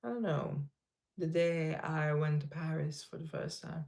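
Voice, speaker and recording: A man's voice: fairly high pitch, fairly even intonation, unhurried, vocal fry, darkish tone. A man hosting a casual livestream, reading viewer comments aloud and rambling in a laid-back way, laughing at himself. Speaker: livestream host.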